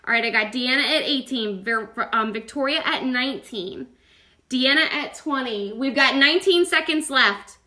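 Gal calling bids on a livestream, high bright voice, chatty and giggly. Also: female voice, normal speed. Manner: chatty, upbeat, calls out bids by name; playful, laughs often. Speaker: seller running a live online auction. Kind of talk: casual live-stream auctioneering.

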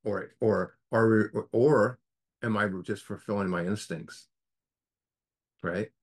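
A man's voice: on the low side, slow pace. A man leading a recovery group study, teaching earnestly in a preacher-like way and asking the group rhetorical questions.

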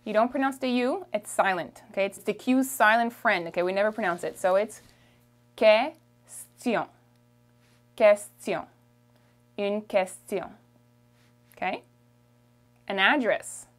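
A woman with a Canadian French accent giving an online French lesson, modelling words slowly and checking in with "okay" after nearly every word. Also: medium pitch, a bit bright. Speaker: French teacher. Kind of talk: language lesson.

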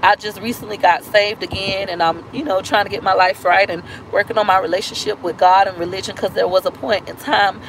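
Talking fairly quickly with hardly any pauses, a thirty-something vlogger gets emotional as she shares something personal, going over the same points again and mimicking other people's words. Her pitch is medium and her tone steady, and the poor audio carries slight background noise.

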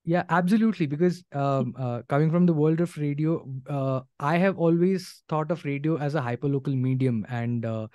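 A man leading a panel discussion on a video call, measured and encouraging with frequent pauses. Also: on the high side, a little mellow, no echo, dull audio.

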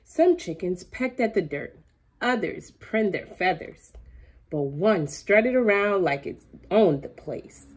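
Woman, children's story reader, animated, unhurried, breathy voice. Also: medium pitch. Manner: animated, laughs along. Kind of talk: reading a picture book aloud.

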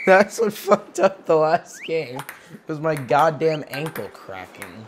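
A gamer giving casual, profanity-heavy commentary while playing, muttering to themself and breaking into loud frustrated outbursts. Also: medium pitch, big pitch swings, slow, background noise. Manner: swears a lot, mutters to self between loud frustrated outbursts. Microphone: gaming mic.

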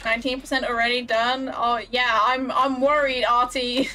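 Her voice is a little high, level, pushed and bright, at a moderate pace. During a casual gaming live stream, this woman chats with viewers, giggling often and getting flustered as she addresses chat.

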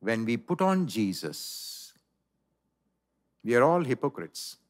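A man's voice: mid-range voice, big pitch swings, slow pace. A male pastor preaching a sermon in a church, telling a story dramatically.

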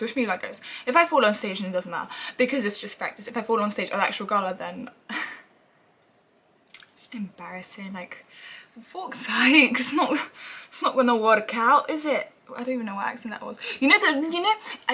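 Chatty bright-voiced young woman vlogger. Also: mid-range voice. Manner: chatty and rambling, laughs often. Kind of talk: casual vlog chat. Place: around a rehearsal venue and central London.

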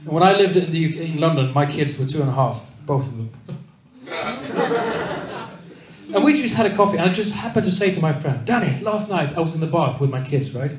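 A man's voice: a little high, lively intonation, fairly quick. A man from Sweden with a Swedish accent, performing a stand-up comedy set and slipping into voices for the people he quotes. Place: comedy club stage with live audience. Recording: roomy club sound with loud audience laughter.

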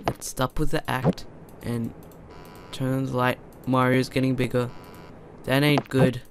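Excitable young man yelling at a horror game. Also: medium pitch, unhurried, slight background noise. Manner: excitable, talks to the game characters, yells when startled. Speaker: gamer. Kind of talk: let's play commentary.

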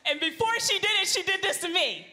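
Lively woman storyteller at a live event, high and bright, laughing with the crowd. Reverberant hall. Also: fairly quick, background noise. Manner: animated, laughing, addresses the crowd. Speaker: speaker at a women's event. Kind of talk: comic storytelling to a live audience. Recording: live hall with long reverb, faint ambience.

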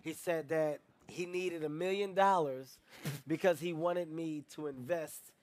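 An energetic male comedian from Philadelphia with a high, lively voice. He tells stories in an animated interview chat and laughs easily between points. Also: a little slow, no room sound. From Philadelphia, United States.

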